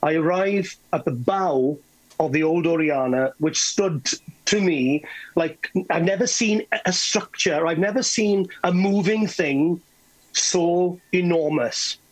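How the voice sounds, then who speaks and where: A man with a West Welsh accent telling anecdotes as a guest, animated, with stammering restarts. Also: fairly high pitch, a little slow, poor audio. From Wales. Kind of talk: anecdotal storytelling.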